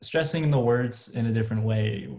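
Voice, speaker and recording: A man hosting a laid-back conversation, speaking casually and a little loosely, at an ordinary pitch. The sound is noticeably roomy with some echo. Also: moderate pace. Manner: relaxed, informal, chatty. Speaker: podcast host. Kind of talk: casual chat.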